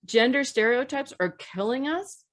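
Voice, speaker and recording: A woman with a fairly high voice hosts a podcast conversation. She talks in a direct, emphatic way, pressing her points home as she gives advice. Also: animated, normal speed. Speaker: podcast host. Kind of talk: casual podcast discussion.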